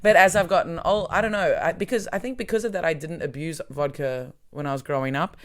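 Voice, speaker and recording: A woman's voice: deep voice, fast talker. A woman co-hosting a comedy podcast, talking in a playful, chatty way full of fillers. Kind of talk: casual chat.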